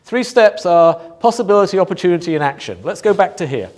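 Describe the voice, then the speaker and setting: A man giving a motivational talk to a live audience, asking rhetorical questions and pausing for emphasis. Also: sits high, animated. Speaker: motivational speaker.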